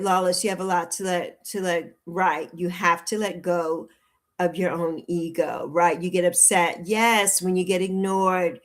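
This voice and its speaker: Chatty woman in her sixties, lower voice. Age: 60s. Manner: warm, chatty, repeats phrases, laughs often. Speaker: livestream host. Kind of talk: casual livestream chat reading comments.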